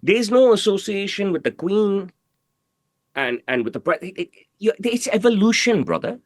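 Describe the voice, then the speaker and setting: A man's voice: high-pitched, animated, normal speed, dry recording. A man giving an interview in casual talk, swaggering and profane, rambling with lots of repeated fillers. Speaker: interview guest, tailor.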